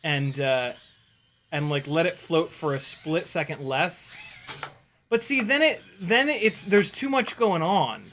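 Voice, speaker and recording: Excitable laughing man with a bright voice. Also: fairly high pitch, takes it slowly, a little hiss or hum. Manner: excitable, laughs often, swears, talks to his dog. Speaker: FPV drone pilot and streamer. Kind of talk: casual live-stream chat while flying.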